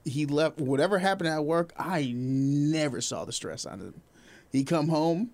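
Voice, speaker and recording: A man's voice: medium pitch, normal speed, darkish tone, no echo. A young adult man hosting a casual podcast interview, talking in a slangy, playful way and laughing easily. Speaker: podcast host.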